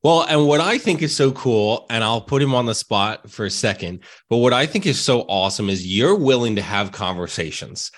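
A man's voice: mid-range voice, lively intonation, moderate pace, few pauses. A man hosting an interview who speaks effusively and heaps praise on his guest. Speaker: interview host. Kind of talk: conversational interview.

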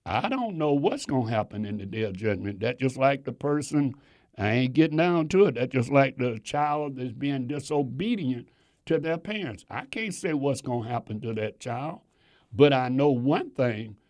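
A man's voice: mid-range voice, animated, moderate pace, darkish tone. A man preaching a sermon to his congregation, emphatic and repeating phrases for stress.

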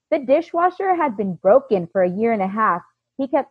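A woman's voice: on the high side, lively intonation, fairly quick, husky, no echo. A woman in her thirties, telling her own story in casual talk and acting out the quoted dialogue with animation. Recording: dry, tinny phone-like line.

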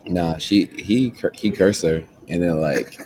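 Young man from Guyana, very deep voice, slangy and halting. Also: warm tone, slight background noise. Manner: halting, slangy storytelling with restarts. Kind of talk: casual chat.

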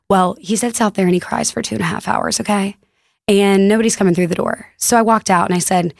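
A woman's voice: medium pitch, steady tone, fast, creaky, no echo, studio quality. A young woman from Texas, a podcast guest telling stories in a chatty, casual way with lots of fillers. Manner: chatty, laughs through anecdotes, many "like" fillers. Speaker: podcast guest, store co-founder. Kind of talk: casual conversational storytelling.

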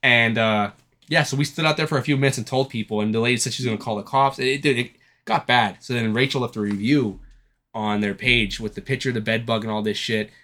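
A man's voice: mid-range voice, steady tone, fast, bright, forceful tone. A man co-hosting a casual podcast chat, telling a rambling story full of swearing and acting out the people he quotes. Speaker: podcast co-host.

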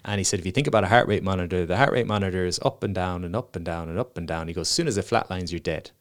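A man's voice: low-pitched, racing. A young man, a motivational speaker, chatting casually and telling stories in which he acts out the people he quotes. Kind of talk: casual podcast chat.

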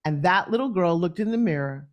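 A woman's voice: lowish voice, a little fast, dull audio. Emphatic New York woman guest. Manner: emphatic, blunt, animated storyteller. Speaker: podcast guest. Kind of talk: candid interview storytelling.

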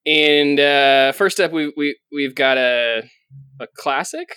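A young man hosting a casual movie podcast, wry and self-mocking, halting with fillers as he introduces the film. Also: medium pitch, fairly even intonation, bright, forceful tone, smooth, no room sound. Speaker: podcast host.

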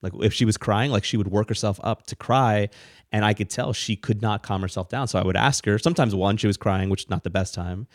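Man, fairly low voice, rambling, animated, casual podcast talk, dry close sound. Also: brisk, no echo. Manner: rambling, animated, frequent restarts and quoted asides. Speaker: podcast co-host, parent. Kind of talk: casual conversational explaining.

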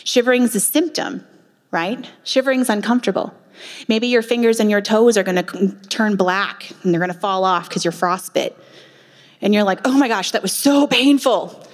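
At a women's retreat, a nurse practitioner gives a passionate faith-based talk full of emphatic rhetorical questions. Her mid-range voice is steady at normal speed, and the recording carries a long hall reverb.

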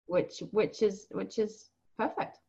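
A woman with a British accent, answering interview questions in a soft, reflective way. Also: medium pitch, steady tone, slow, creaky, breathy edge, dull audio. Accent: British English. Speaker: podcast guest, equine coach. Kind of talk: conversational interview.

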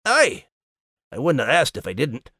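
A man's voice: medium pitch, wildly swooping pitch, normal speed, pushed and bright, breathy edge, no room sound, heavily acted. A man voicing a cheeky male animal co-host with a dry, teasing way of talking.

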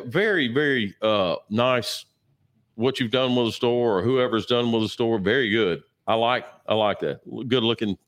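A man chatting as a co-host, telling stories in a rambling way with lots of fillers and throat clearing, sore and a bit sluggish. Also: on the low side. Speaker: podcast co-host. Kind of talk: casual chat.

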